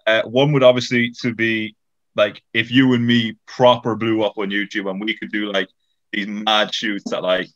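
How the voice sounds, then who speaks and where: Rambling young guy, lowish voice. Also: level tone, moderate pace, fairly bright tone. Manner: rambling, full of "like" and restarts. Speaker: podcast co-host. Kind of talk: casual podcast chat.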